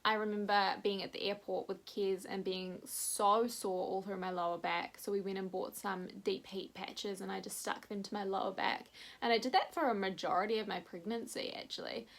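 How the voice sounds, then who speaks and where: A young woman, telling a personal story in a candid, animated vlog chat. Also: medium pitch, moderate pace. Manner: candid, animated retelling with quoted voices. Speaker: vlogger.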